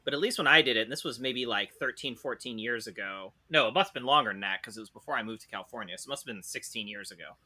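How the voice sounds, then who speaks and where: A man telling a funny story on a casual podcast. He is animated, swears freely and often laughs. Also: mid-range voice, racing, hardly any pauses. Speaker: podcast co-host.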